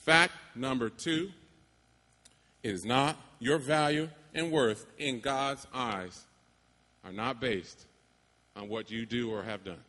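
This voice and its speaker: A man preaching a sermon to graduates, emphatic, with dramatic pauses and call-and-response. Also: mid-range voice, bright, forceful tone. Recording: long hall reverb.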